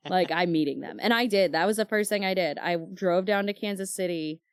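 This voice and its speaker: A woman's voice: fairly low pitch, a little fast, clean tone, dry recording. A woman co-hosting a book club podcast, telling stories in casual chat with lots of fillers and acted-out quotes. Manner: chatty storyteller, many fillers, acts out quoted dialogue.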